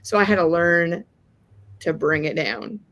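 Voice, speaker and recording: A friendly woman chatting on a home sewing livestream, with a somewhat low voice for a woman. She talks casually and easily, greeting viewers and keeping the chat going. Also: lively intonation, unhurried, fairly bright tone.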